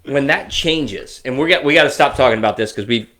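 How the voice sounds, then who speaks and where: Rambling, animated podcast co-host man. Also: mid-range voice, a little fast. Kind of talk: casual chat.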